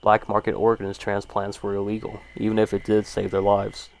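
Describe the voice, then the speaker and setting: A man's voice: lowish voice, monotone, moderate pace, gravelly, a little mellow. A man casually reading short horror stories aloud and rambling about each one, with lots of fillers and swearing. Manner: rambling, laid-back, swears, frequent fillers.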